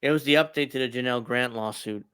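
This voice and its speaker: A man's voice: mid-range voice, quick pace, a bit bright, clear, resonant tone, dry recording. A man co-hosting a casual podcast, talking with hesitant fillers and short laughs. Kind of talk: casual chat.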